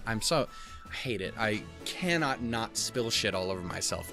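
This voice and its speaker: Profane, rambling young man with a lively voice. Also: on the low side, moderate pace, vocal fry, music in the background. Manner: profane, rambling, self-mocking asides. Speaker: let's play host reading a visual novel. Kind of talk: casual gameplay commentary with read-aloud dialogue.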